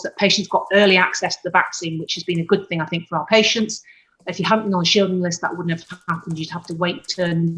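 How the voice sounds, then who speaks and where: A woman's voice: on the low side, fairly bright tone, poor audio. A woman doctor giving an earnest conference presentation over a video call, correcting herself now and then. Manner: earnest, explanatory, with self-corrections.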